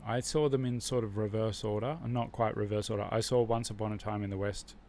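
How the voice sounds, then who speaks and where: Low-voiced Australian man musing on a livestream. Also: steady tone, a little fast, a little mellow, slight background noise. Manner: muses aloud while reviewing flashcards. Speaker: livestream host learning Spanish. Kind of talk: casual livestream chat.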